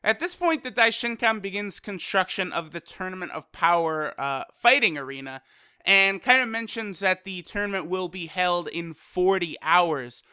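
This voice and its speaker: A man reviews an anime episode with casual, animated energy. His voice is bright and smooth. The recording is dry and close. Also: sits high, normal speed, no room sound. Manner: energetic, animated retelling with quoted lines.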